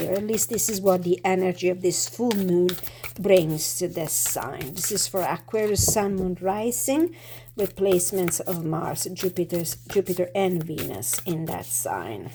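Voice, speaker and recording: Slightly hoarse woman reading tarot. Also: mid-range voice, a little mellow, slight background noise. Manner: thoughtful, many fillers and restarts. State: slightly hoarse, clearing throat. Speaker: tarot reader.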